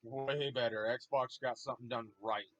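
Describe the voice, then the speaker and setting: A man's voice: mid-range voice, steady tone, moderate pace, a bit bright, dry recording, dull audio. Matter-of-fact man explaining on voice chat. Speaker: co-host friend on voice chat.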